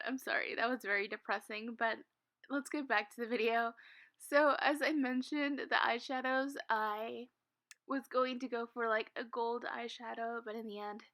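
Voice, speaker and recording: A young woman with a slightly high voice chats with her viewers in a loose storytime way. She giggles often and fills her sentences with "like" and "um". Her voice often sinks to a soft, low murmur. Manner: chatty and giggly, full of "like" and "um". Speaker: Sims content creator. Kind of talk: casual storytime chat.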